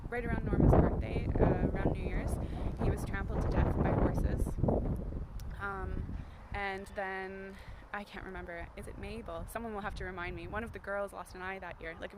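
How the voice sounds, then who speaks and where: A woman's voice: mid-range voice, fairly even intonation, normal speed, very noisy. A young woman talking casually to camera in a vlog, chatty, with many fillers and self-corrections, recorded outdoors in the countryside. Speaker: vlogger.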